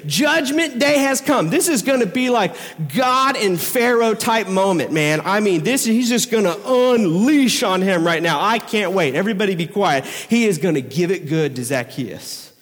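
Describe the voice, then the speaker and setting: A man preaching a sermon as pastor, telling the story with lively acted-out crowd voices. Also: high voice, normal speed. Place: church sanctuary. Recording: long reverb of a large hall.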